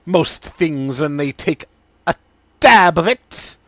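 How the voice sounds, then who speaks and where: A man's voice: a little high, expressive, slow pace, fairly bright tone, no room sound, voice pushed up. A man voicing an eccentric, pompous male merchant alchemist who speaks with grand flourishes. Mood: theatrical.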